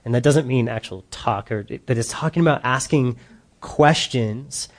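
A man's voice: mid-range voice, moderate pace. A middle-aged male pastor giving a conversational sermon, acting out short quoted voices as he preaches.

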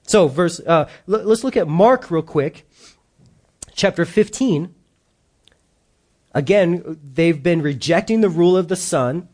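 A male pastor preaching a sermon in an animated way, acting out the quoted voices. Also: a little high, slow, pauses often.

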